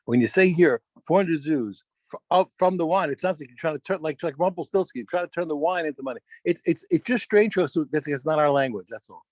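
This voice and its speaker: A man teaching a daf yomi Talmud class, animated, restarting phrases and quizzing his students. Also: on the high side, fast talker, hardly any pauses, no echo.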